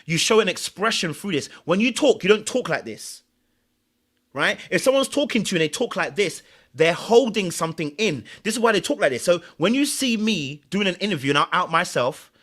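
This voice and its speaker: A man with a fairly high, fairly bright voice hosts a reaction commentary. He animatedly explains the body language in clips, repeating phrases for emphasis.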